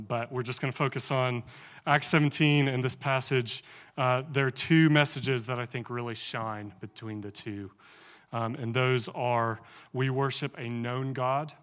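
A male preacher in a relaxed, conversational sermon, reading scripture aloud and then talking it through. His voice sits at an ordinary middle pitch, and he often stops on small fillers as he gathers his thoughts.

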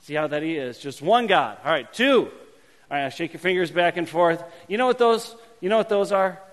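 A man, a pastor, teaching a congregation a playful hand-gesture game in his sermon, shifting between lively calls and quiet asides. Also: fairly high pitch, normal speed. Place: church sanctuary. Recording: long hall reverb.

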